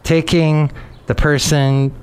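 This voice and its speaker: A man's voice: a little high, little pitch movement, slow, darkish tone, smooth. A man hosting a casual comedic podcast, rambling through the news with wry jokes. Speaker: podcast host.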